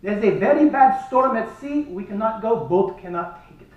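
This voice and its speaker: A man voicing a short, stubby, overly welcoming male Greek tour guide with a put-on Greek accent, loud and drawn out. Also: high-pitched, animated, moderate pace, muffled recording. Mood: apologetic. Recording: echoey room from far off.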